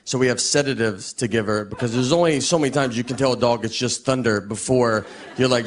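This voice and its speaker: Deadpan rambling stand-up comedian, man. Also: medium pitch, brisk. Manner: deadpan, rambling, restarts his sentences. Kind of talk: stand-up set before a laughing audience.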